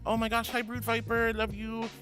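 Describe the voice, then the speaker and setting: A woman's voice: a little high, completely flat delivery, moderate pace, a bit bright, soft background music. A woman streamer chatting with her viewers, bubbly and gushing, calling them honey and sweetie. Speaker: VTuber streamer. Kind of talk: casual chat with viewers.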